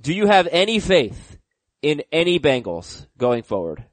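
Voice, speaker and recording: A man's voice: fairly high pitch, very animated, a little slow, no room sound. A man hosting a fantasy football podcast, chatting casually, thinking aloud with fillers and joking asides. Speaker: podcast host. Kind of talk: casual sports chat.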